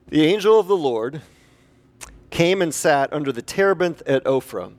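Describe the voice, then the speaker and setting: A man preaching a conversational sermon as a pastor, animated and chatty, putting questions to the congregation. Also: mid-range voice.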